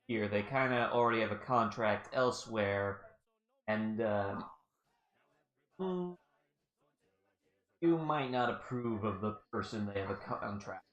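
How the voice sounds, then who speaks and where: A man's voice: lowish voice, fairly bright tone, lo-fi sound. A man voicing a hesitant tavern informant. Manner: hesitant, hedging. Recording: roomy echo.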